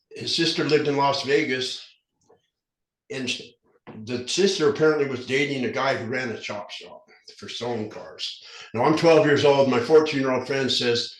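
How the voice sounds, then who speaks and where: Podcast guest: man around fifty from southern Utah, slight denture lisp, earnest and rambling, average pitch, recorded in a roomy space. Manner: earnest, rambling, frequent restarts. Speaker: podcast guest, recovery specialist. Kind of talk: candid storytelling in an interview. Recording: roomy echo.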